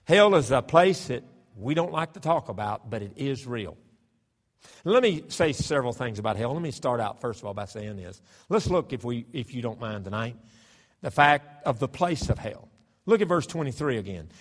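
A man preaching a sermon as pastor, with a fervent, emphatic delivery that swells into loud declarations. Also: medium pitch, animated, normal speed, long reverb tail. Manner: starts with a hushed prayer, then builds to loud fervent preaching. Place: church sanctuary.

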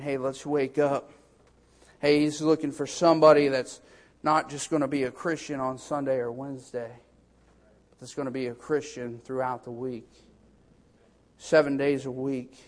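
A man's voice: mid-range voice, flat delivery, normal speed, pauses often. A man preaching a sermon with fervor. He punctuates nearly every line with "hey" and builds into urgent exhortations. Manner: fervent, punctuates lines with repeated "hey".

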